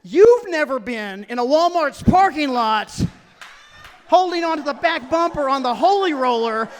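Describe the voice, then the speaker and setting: A man doing stand-up comedy on stage, telling a story in an excitable, animated way. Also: very high voice, unhurried, big-room sound. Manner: excitable, animated, with bursts of laughter.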